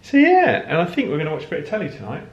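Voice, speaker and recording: A man's voice: a little high, wildly swooping pitch, very fast, highs cut off. A middle-aged man, chatting casually as host of a family vlog at home, upbeat and self-mocking. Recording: echoey room, faint noise.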